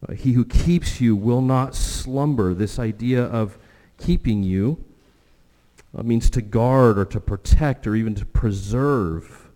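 A man preaching a sermon as pastor, earnest, with animated stretches and hushed prayerful moments. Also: medium pitch, slow. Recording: long hall reverb.

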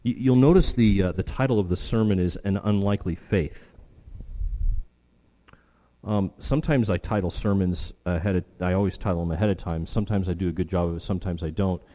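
A pastor giving a sermon, emphatic, acting out the quotes he reads and dropping to a hush for weight. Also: low voice, brisk.

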